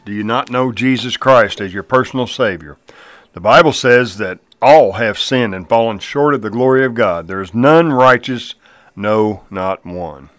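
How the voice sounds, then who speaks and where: A man's voice: mid-range voice, normal speed, fairly bright tone, dry recording. A man making a gospel appeal on the radio, speaking directly to the listener and citing scripture. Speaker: radio evangelist.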